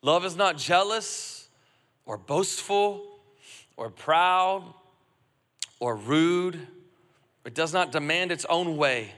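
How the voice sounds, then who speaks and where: A man, a father of a young son, preaching a sermon and calling on the congregation to repeat phrases back, swinging between loud urging and hushed reflection. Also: high voice, expressive, slow. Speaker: pastor. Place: church auditorium. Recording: long hall reverb, music faint behind.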